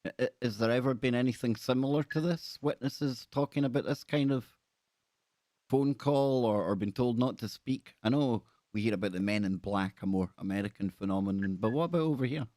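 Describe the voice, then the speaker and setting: A man's voice: mid-range voice, a little fast, warm tone, no echo, studio quality. Chatty man hosting a podcast. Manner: chatty and enthusiastic, reading out listener comments. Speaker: podcast host. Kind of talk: casual interview chat.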